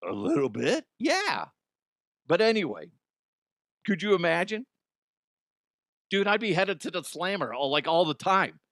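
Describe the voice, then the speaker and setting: A man's voice: high-pitched, big pitch swings, normal speed, fairly bright tone, no room sound, studio quality. A middle-aged man hosting a comedy news podcast, riffing crudely, laughing at his own jokes and slipping into silly voices. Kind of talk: casual comedic monologue.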